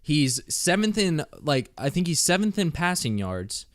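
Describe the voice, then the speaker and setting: A man's voice: a little high, sing-song, unhurried, no echo, studio quality. Chatty man arguing football on a podcast. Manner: chatty, argues his case with filler words. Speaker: podcast host. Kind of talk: casual sports chat.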